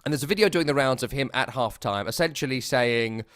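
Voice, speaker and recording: A man hosting a podcast and chatting casually, in quick animated bursts with trailing asides. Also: medium pitch, no room sound, studio quality. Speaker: podcast host. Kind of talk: casual chat.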